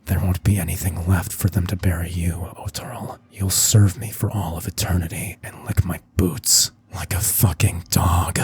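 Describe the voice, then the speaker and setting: A vengeful young adventurer hisses his threats in a low, husky whisper, as a male narrator puts him on. The dark, mellow voice stays quiet and menacing rather than loud. It suits a read-aloud anime fan story. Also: little pitch movement, moderate pace, few pauses, heavily acted. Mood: cold menace.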